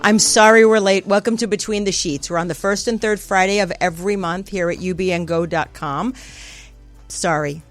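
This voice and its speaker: Chatty woman host with a gravelly voice. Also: mid-range voice, steady tone, normal speed, faint music behind. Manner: chatty, laughing, self-deprecating. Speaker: podcast host. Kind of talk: casual chat.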